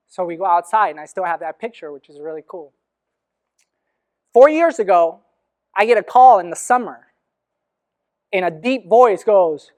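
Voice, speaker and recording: A man in his thirties giving a talk, telling a personal story with animated, laughing delivery and acted-out dialogue. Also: high-pitched, moderate pace, pauses often, clear, resonant tone. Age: 30s. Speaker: speaker on after-school programs.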